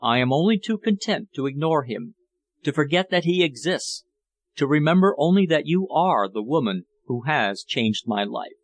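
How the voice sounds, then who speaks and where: A man's voice: a little high, animated, moderate pace, dry recording. Intense foreign lover, scornful and passionate, declaiming, as a male narrator reads him in a storybook. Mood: tender. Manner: fervent, declamatory.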